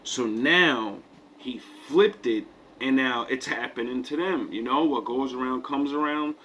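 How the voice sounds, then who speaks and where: A man's voice: medium pitch, measured pace, fairly bright tone, slight background noise. A man co-hosting a talk show, giving a profane rant in the style of a sermon. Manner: mock-sermon delivery, profane. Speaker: co-host. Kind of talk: preachy comedic rant.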